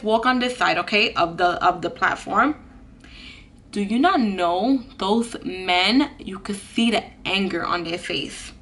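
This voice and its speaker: A woman's voice: mid-range voice, fairly bright tone. A young woman telling a storytime vlog in an earnest way, full of "like" fillers. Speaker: vlogger.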